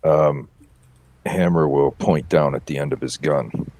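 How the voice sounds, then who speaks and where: A man's voice: rumbling low, measured pace, a little mellow, no room sound. A man playing a tabletop game, briefly narrating his character's actions. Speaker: player.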